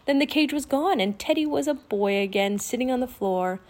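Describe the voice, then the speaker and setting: Expressive woman reading a children's book. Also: high voice, moderate pace. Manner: clear, expressive storytelling. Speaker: audiobook narrator. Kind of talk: children's audiobook narration.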